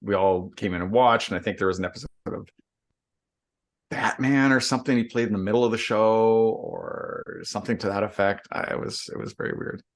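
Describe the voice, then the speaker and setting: A man's voice: on the low side, fairly even intonation, fairly quick. A man co-hosting a casual podcast, a jokey improviser prone to rambling tales. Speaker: co-host. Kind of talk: casual chat.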